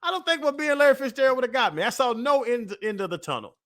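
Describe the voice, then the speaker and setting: Bright-voiced laid-back radio man. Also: extremely high pitch, big pitch swings, quick pace. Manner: laid-back storyteller, drawling slang. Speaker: radio show co-host, former football player. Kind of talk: casual sports radio banter. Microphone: studio microphone.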